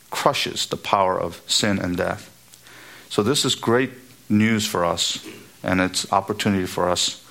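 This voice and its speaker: A man preaching an expository sermon, emphatic and building to high, repeated exhortations. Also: vocal fry, bright, forceful tone.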